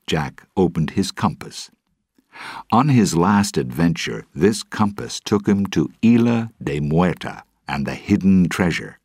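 Very deep, husky storybook reader. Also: male voice, a little mellow, no room sound, studio quality. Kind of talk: storybook read-aloud.

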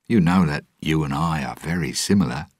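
Narrator voicing a sly pirate captain, very deep husky voice, coaxing. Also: male voice, brisk, dry recording, clean studio sound. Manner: coaxing, self-assured. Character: roguish male ship captain, boastful and sly.

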